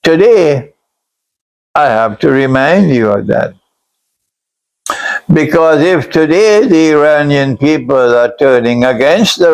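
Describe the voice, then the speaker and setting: A man delivers a religious lecture at a deliberate, unhurried pace, his slightly raised voice edged with gravel. He speaks bluntly, repeats key phrases for weight and now and then climbs to a shout. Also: a little high, poor audio. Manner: blunt, admits harsh language. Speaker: Islamic scholar lecturing.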